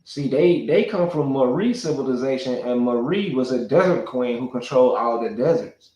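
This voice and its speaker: A man holds forth on his own channel in a rambling, speculative way, thinking aloud and often restarting mid-sentence. His voice sits at an ordinary middle pitch, and the room around him rings with a noticeable echo. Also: animated, moderate pace, darkish tone. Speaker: YouTuber. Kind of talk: rambling monologue.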